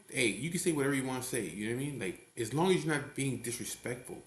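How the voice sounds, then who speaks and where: A man's voice: mid-range voice, expressive, fast talker, hardly any pauses. A man casually telling a story from his garage hangout, in a blunt, profane way, often adding "you know what I mean.". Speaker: biker club member telling a story. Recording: echoey room.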